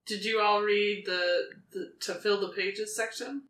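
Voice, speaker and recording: Bright-voiced joking woman in an echoey room. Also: mid-range voice, a little slow. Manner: playful, jokey, animated storytelling. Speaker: podcast co-host. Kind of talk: casual book chat. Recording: echoey room with faint background noise.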